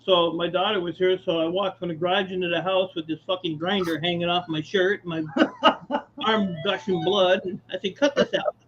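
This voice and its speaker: A man's voice: high voice, moderate pace, fairly bright tone, a little hiss or hum. A man chatting casually on a live call, telling stories with easy laughs and casual swearing, over dull lo-fi audio. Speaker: guest on a live scrap chat. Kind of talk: casual storytelling chat.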